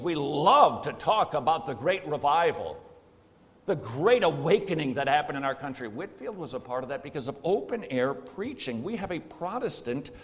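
Lively preacher in a reverberant hall. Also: male voice, a little high. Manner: emphatic, rhetorical questions, plain-spoken. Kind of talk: sermon.

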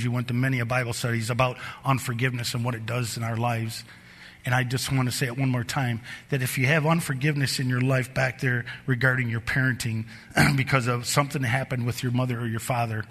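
A middle-aged man preaching from the pulpit, his bright, forceful voice carrying through a church with a long, ringing reverb. He tells personal stories with animation and lifts his pitch and volume as they build. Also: breathy edge. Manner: animated storyteller, bursts higher and louder in anecdotes. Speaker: pastor. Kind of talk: sermon with personal storytelling. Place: church sanctuary.

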